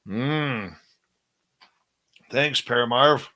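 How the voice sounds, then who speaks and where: A man's voice: medium pitch, drawn-out words, pushed and bright. A man hosting an online radio show, chatting casually with his audience in a sarcastic way while eating. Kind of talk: casual chat with live chat readers.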